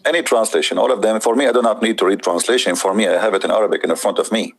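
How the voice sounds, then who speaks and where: Man, husky, mocking host commentary, emphatic. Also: lowish voice, rapid-fire, rough recording. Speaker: debate show host. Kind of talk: commentary on a played clip.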